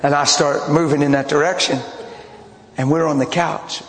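A man preaching a sermon, mixing loud outbursts with hushed personal confessions as he tells a story. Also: on the high side, steady tone, moderate pace. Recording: long hall reverb, faint ambience.

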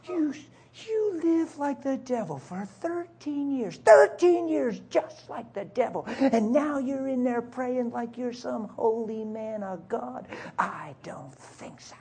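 A husky-voiced man voicing his hurt, bitter wife, hissing in a scornful whisper. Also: a little high, lively intonation, slow, hardly any pauses, warm tone, voice pushed up, full character voice. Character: hurt, bitter wife mocking her husband.

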